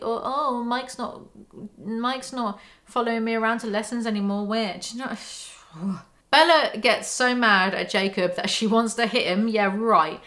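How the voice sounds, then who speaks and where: A woman's voice: mid-range voice, fairly bright tone. Sarcastic woman riffing on a book. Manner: sarcastic, dry running commentary. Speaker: book commentary YouTuber. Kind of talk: reading aloud and commenting on a novel.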